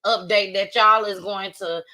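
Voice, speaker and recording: A woman hosting a casual livestream talk show, playful and slangy, often laughing and talking loudly. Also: medium pitch, fairly even intonation, unhurried, low-quality recording. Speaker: host.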